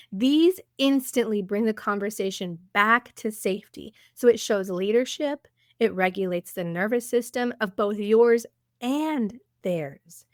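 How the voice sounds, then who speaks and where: A woman with a medium-pitched voice hosts a podcast, coaching her listeners encouragingly and frequently checking in with them. The sound is clean studio audio with no echo.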